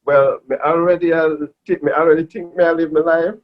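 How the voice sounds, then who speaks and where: A man in his forties, a guest in a casual interview, talking in a relaxed, soft-spoken way that often trails off. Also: fairly high pitch, fairly quick. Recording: dull lo-fi audio.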